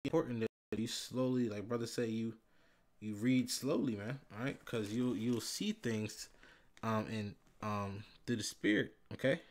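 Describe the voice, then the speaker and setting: A man giving a casual bible lesson, reading verses slowly and with emphasis, tagging phrases with "man" and "all right". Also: medium pitch. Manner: reads scripture slowly and loudly, fillers like "man" and "all right". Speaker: bible teacher.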